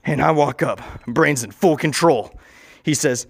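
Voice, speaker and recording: A man's voice: a little high, a little slow, gravelly, breathy edge, no room sound, studio quality. Rambling man spinning a wild tale. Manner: rambling, self-correcting, joking asides. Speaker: storyteller. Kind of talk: casual improvised storytelling.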